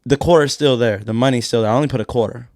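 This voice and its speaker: A man's voice: medium pitch, racing, darkish tone, dry recording, clean studio sound. A man co-hosting a podcast, joking and teasing in crude casual banter. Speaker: podcast co-host. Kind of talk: casual chat.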